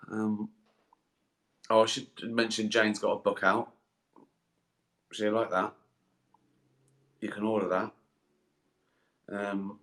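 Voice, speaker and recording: A man's voice: fairly low pitch, sharp tone. A middle-aged man chatting on a live stream from his bath, rambling, swearing and chuckling, tired and sleepy. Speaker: comedian hosting a live stream. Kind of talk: casual live-stream chat. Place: in a bath, bathroom. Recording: echoey bathroom.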